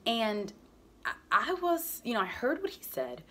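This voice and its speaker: A woman's voice: on the high side, wildly swooping pitch, a little slow, fairly bright tone. Earnest woman sharing a faith testimony. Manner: earnest, conversational, frequent "like" and "you know". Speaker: testimony speaker. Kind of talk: personal faith testimony, storytelling.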